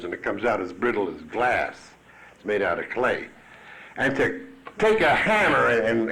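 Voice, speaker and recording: A man's voice: mid-range voice, fairly bright tone, poor audio. Blunt, salty man at a podium. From Chicago. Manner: blunt storytelling, salty language. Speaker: AA speaker. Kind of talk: recovery meeting talk. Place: meeting hall at a podium. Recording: archival 1980s meeting tape.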